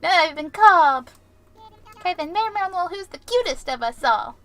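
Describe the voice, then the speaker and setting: A vain villager girl from a cosy island game, put on by a woman, who teases in a sing-song chant. Her voice jumps well above the narrator's own, high and bright. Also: expressive, fairly quick, full character voice. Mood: teasing.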